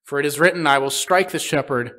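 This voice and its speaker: A male pastor delivers a sermon in a slightly higher voice, pausing often on "uh" as he walks through scripture. He explains points patiently and plainly. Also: pushed and bright. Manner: explains Greek wording plainly, frequent "uh" fillers. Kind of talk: expository sermon. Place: church sanctuary.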